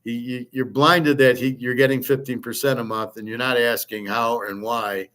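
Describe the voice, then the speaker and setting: A man's voice: medium pitch, fairly even intonation, normal speed, fairly bright tone. A middle-aged man hosting a show, rambling through a sarcastic, opinionated monologue with frequent restarts. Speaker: host.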